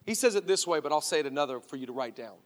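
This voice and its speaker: A male pastor preaching a sermon with fervent, rising exhortations that drop to quiet, emphatic passages. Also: fairly high pitch, animated, racing. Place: church auditorium. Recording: reverberant large church hall.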